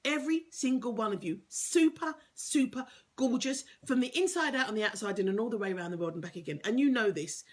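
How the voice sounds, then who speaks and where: Speaking briskly in a slightly high, expressive voice, a woman who works as a life coach and motivational speaker banters with her live-stream audience, teasing and laughing often; the sound comes through a webcam or phone.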